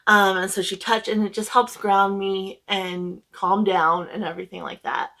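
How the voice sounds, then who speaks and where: A woman's voice: mid-range voice, level tone, normal speed, creaky, bright, forceful tone. A young woman casually telling a long, emotional story to her camera at home, rambling with many fillers. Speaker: book vlogger.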